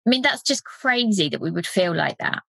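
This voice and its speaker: A woman's voice: mid-range voice, lively intonation, moderate pace, gravelly, fairly bright tone, slightly rough, no echo. A woman hosting a podcast interview, affirming and enthusiastic toward her guest. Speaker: podcast host.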